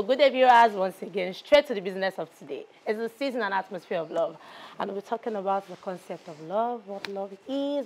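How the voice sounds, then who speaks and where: A woman playing a chatty talk show host. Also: medium pitch. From Nigeria. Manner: chatty, repetitive presenter patter. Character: bubbly young female TV talk show host. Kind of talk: Nigerian film acting.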